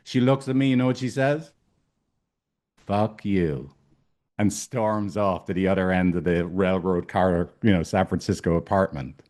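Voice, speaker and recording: Animated, profane male storyteller. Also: sits low, normal speed, few pauses. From Ireland. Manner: animated, profane, emphatic repetition. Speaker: couples therapist. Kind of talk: storytelling talk.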